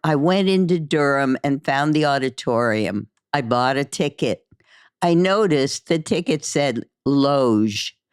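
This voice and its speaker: Memoir narrator, woman, measured first-person storytelling, mid pitch, dead-dry close sound. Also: lively intonation, smooth, no echo. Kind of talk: audiobook-style memoir reading.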